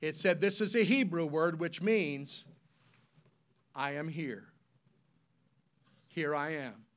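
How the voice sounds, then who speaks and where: A man with a high voice preaches a sermon to his congregation. He spells out key words slowly and has the people repeat them back to him. His delivery climbs to loud, emphatic peaks and then sinks to hushed, solemn tones.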